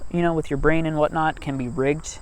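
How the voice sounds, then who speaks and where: A man with a somewhat high voice rambles through a casual vlog, joking at his own expense. He laughs often between thoughts. He is outdoors in an open field, talking into a cheap mic that barely blocks the wind. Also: fairly even intonation, fairly quick. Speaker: vlogger. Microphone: cheap mic without proper wind protection.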